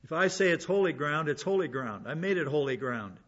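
A man's voice: on the high side, lively intonation, a little fast, a bit bright, muffled recording. A man giving an informal Bible lesson, chatting along, repeating words and asking rhetorical questions. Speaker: Bible teacher.

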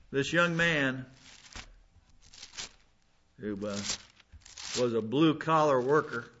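A man's voice: medium pitch, a bit bright, slight background noise. Folksy preacher man, muffled recording. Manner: conversational, repeats words and restarts, folksy asides. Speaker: pastor. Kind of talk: expository Bible sermon. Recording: dull lo-fi sound.

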